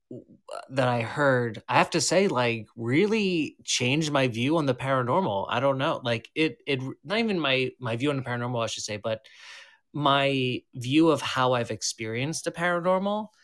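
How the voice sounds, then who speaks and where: A man on a podcast team, describing an experience in an earnest, halting way with many restarts. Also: mid-range voice, a bit bright. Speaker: team member, paranormal investigator. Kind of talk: casual chat.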